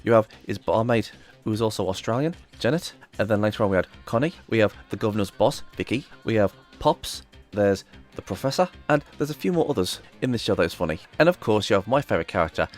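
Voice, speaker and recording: Young male host, quick and animated delivery, faint music bed underneath. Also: lowish voice. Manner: chatty and enthusiastic, often retelling jokes with put-on voices. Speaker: video host reviewing comedy shows. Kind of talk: casual spoken review.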